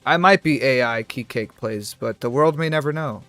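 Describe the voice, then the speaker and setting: A man's voice: mid-range voice, normal speed, a bit bright, no room sound. Young male streamer, chatty and self-deprecating, drifting between tangents over faint music. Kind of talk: casual livestream chat while gaming.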